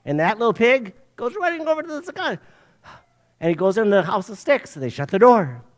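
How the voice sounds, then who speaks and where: An older man with a notably high speaking voice, preaching a sermon. He tells stories with animated rises and drops, as a preacher talking to his congregation. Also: brisk. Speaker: pastor.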